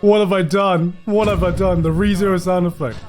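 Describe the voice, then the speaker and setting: A man's voice: high-pitched, fairly even intonation, a little fast, darkish tone, soft background music. A man streaming live, reacting to fan-made edits in a casual, incredulous way, swearing and laughing often.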